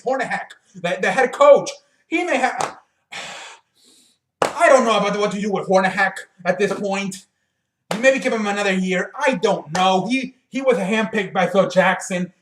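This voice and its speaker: A man's voice: sits high, roomy sound, slight background noise. A man hosting his own sports show, ranting bluntly and with plenty of profanity, stumbling and restarting as he runs out of breath. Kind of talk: casual sports rant to camera.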